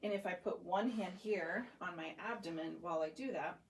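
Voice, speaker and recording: In a clinic room, a young woman voice clinician with a voice on the low side patiently guides a client through voice exercises step by step, offering encouragement during the therapy session. She speaks at a moderate pace, and the room is echoey with background noise.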